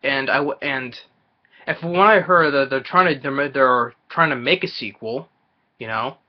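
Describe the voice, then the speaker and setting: A man's voice: medium pitch, normal speed. A man ranting in a movie trailer reaction video. He stumbles, restarts and repeats himself in exasperation. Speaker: movie reviewer vlogger. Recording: dull lo-fi recording.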